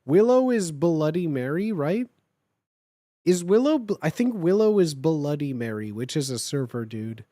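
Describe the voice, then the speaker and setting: A streamer reading fan fiction aloud on a live stream, chatty and excitable, talking straight to the chat. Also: medium pitch, unhurried, no room sound, studio quality.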